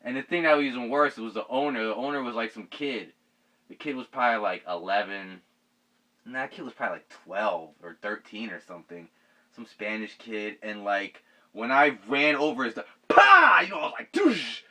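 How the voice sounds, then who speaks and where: A young man telling a personal story in a casual, animated way, full of slang, repeated "dude" and shouted sound effects. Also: fairly low pitch, fairly quick. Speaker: vlogger.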